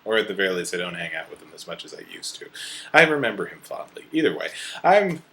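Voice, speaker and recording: A young man hosting a casual movie commentary video, rambling through asides and jumping to high, excited exclamations. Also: fast. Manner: animated, jumps to high excited exclamations, self-interrupting asides. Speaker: host of a movie commentary series.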